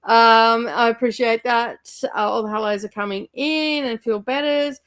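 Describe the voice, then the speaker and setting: A woman's voice: a little high, fairly even intonation, unhurried, a bit bright, smooth. A young woman hosting a casual book club livestream, chatty and rambling as she reads out viewer comments with lots of ums and laughs.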